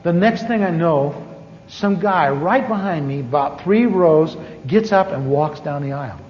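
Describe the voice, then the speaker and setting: Animated storytelling man in an echoey hall. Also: a little high, a little slow, a little hiss or hum. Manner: animated, acts out quoted voices. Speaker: church teacher. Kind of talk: humorous testimony storytelling to a class. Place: large church hall. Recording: echoey hall, dull 1980s tape.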